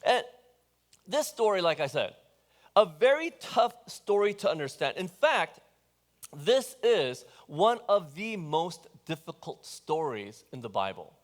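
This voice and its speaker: Pastor guy chatting thru a sermon, pretty high voice, super lively pitch, asks the crowd stuff. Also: unhurried. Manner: conversational, asks the congregation questions; animated storytelling.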